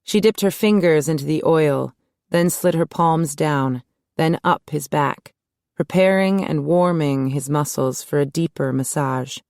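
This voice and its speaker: A woman narrates an audiobook in a smooth, measured voice. Her pitch is low for a woman. The recording is close and dry, with no room sound. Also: darkish tone, no room sound. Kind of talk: scripted narration.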